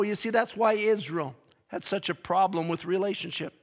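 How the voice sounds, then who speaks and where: A man preaching a sermon, building to shouted peaks and dropping to slow, hushed reading, with emphatic repetition. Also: high-pitched.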